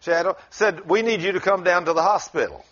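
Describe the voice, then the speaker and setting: A man's voice: high-pitched, brisk, a bit bright. A man who preaches, telling a story in casual conversation in a folksy way and chuckling as he goes. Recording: dull lo-fi recording.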